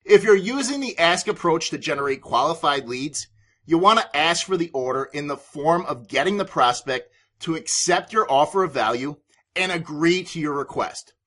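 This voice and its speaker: A man's voice: a little high, expressive, moderate pace, a bit bright. A man hosting a business podcast, giving sales advice in an emphatic, authoritative way. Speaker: podcast host and sales coach.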